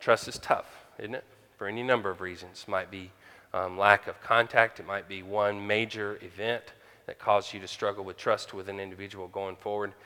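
A man's voice: fairly low pitch, sharp tone, clear, resonant tone. Man preaching in a reverberant church. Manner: conversational with frequent pauses and fillers. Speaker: pastor. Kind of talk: sermon. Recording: hall reverb.

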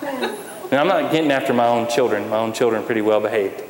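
A man's voice: mid-range voice, animated, quick pace, crowd noise. A man preaching a sermon to a congregation, conversational with wry humor and rhetorical questions. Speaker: pastor. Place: church sanctuary. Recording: echoey hall with faint room noise.

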